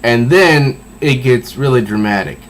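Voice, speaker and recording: A man casually reviewing a comic book, talking haltingly with many restarts. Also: mid-range voice, expressive, a little hiss or hum, rough recording.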